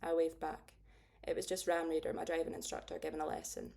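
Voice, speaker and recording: A woman narrating a first-person audiobook in a steady, understated way. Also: low voice, fairly quick, vocal fry.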